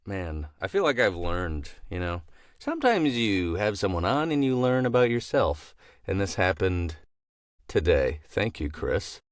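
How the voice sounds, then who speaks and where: A man's voice: deep voice, very animated, a little slow, no room sound, studio quality. A man co-hosting a podcast, talking in a reflective, admiring way and thinking aloud. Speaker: podcast co-host. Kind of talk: casual podcast chat.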